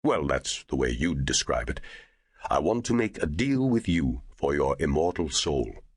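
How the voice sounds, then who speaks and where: A man voicing a huge, genial angel in human form who talks in a slow, scoffing drawl. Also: rumbling low, very animated, breathy edge, dry recording, studio quality, heavily acted.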